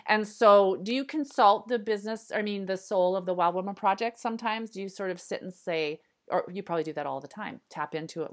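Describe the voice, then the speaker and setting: A woman's voice: medium pitch, fast talker, hardly any pauses. A woman hosting a podcast interview, effusive and enthusiastic, laughing often. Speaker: podcast host. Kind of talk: casual interview chat.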